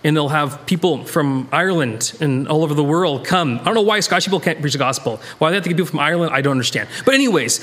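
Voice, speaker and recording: A man's voice: quick pace, hardly any pauses. An American man leading a Bible study, talking it through casually with lots of restarts and sudden bursts of emphasis. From United States. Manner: animated, rambling, self-interrupting, jumps in pitch for emphasis. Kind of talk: conversational Bible teaching.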